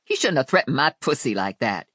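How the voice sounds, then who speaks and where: A woman's voice: a bass voice, big pitch swings, a little fast, fairly bright tone, breathy edge, dry recording, full character voice. A narrator voicing a brassy, outspoken woman sidekick with slangy, sassy talk in an audiobook. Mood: blunt. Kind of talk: audiobook character voice.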